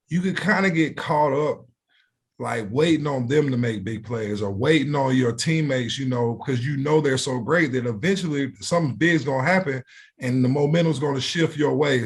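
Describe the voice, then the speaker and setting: A man's voice: fairly high pitch, husky. A man in his thirties, a former pro football player co-hosting a podcast, laid-back and slangy. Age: 30s. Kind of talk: casual sports analysis chat.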